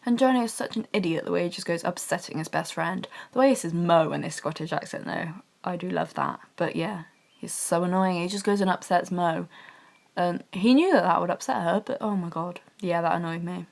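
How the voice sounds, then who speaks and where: A young woman gushing about a TV drama in a rambling, chatty fan vlog, talking quietly from her bedroom. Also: on the low side, a little fast, creaky. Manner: speaking quietly. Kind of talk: casual TV review vlog. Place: bedroom at home.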